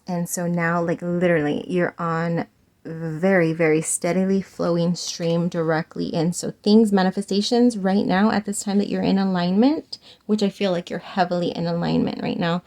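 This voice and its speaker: Chatty, animated woman tarot reader. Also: fairly low pitch. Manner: chatty, animated, laughs often, casual swearing. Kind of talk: casual storytelling and tarot reading.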